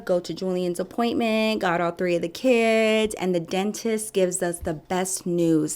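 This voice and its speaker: A woman's voice: on the low side, a little slow, hardly any pauses, a little mellow, smooth. Sassy, chatty woman telling a story. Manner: chatty and sassy, addresses viewers as girl and y'all. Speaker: storytime vlogger. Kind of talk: casual storytelling to the viewers.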